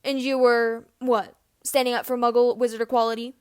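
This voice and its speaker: A woman's voice: high-pitched, sing-song, a little fast, no room sound, studio quality. A woman voicing a hot-headed, anguished teenage boy in an amateur audiobook reading, heated and pleading. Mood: angry.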